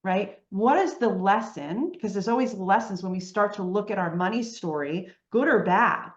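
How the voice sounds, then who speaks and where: A woman guest on an interview podcast, telling her story in a lively way and often asking "right?". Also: medium pitch, moderate pace, echoey room, dull audio. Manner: animated storytelling, frequent "right?" tags.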